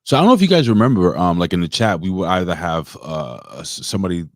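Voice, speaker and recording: Male co-host, very low voice, dry close sound, halting and emotional. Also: animated, dry recording. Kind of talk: casual livestream chat.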